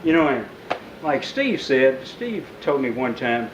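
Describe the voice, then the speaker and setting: A man speaking as an author at a bookstore talk, telling a story vividly to a live audience and acting out the shouted lines. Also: mid-range voice, very animated, unhurried, echoey room, highs cut off, noisy background. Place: bookstore event room.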